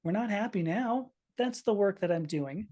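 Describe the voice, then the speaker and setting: A woman's voice: medium pitch, animated, normal speed, mellow. A woman in her fifties, a podcast guest, telling a personal story earnestly and with feeling, often restarting her sentences. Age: 50s. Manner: earnest, emotional, frequent restarts.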